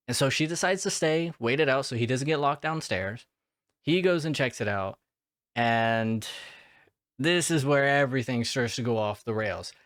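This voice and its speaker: A man's voice: medium pitch, dry recording, clean studio sound. A young man recapping a movie in a casual way, rambling off on tangents, swearing freely and filling his talk with "like". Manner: profane, rambling, goes off on tangents; filler-heavy, lots of "like".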